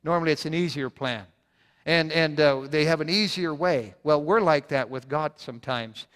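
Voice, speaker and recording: A man's voice: a little high, moderate pace, fairly bright tone, clear, resonant tone. A man preaching a sermon as pastor, earnest, repeating points for emphasis, often restarting his words. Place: church sanctuary. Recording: long church reverb.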